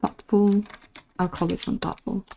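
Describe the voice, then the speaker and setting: A woman's voice: medium pitch, flat delivery, unhurried, gravelly, mellow, slight background noise. Chatty streamer woman with a sore throat. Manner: chatty, giggly, greets and thanks chat. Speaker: livestreaming artist. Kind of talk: casual stream chat.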